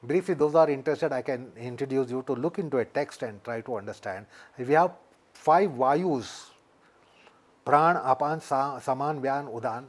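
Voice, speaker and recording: A man with an Indian English accent, a yoga teacher, explaining things deliberately in an interview and repeating his key points. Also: mid-range voice.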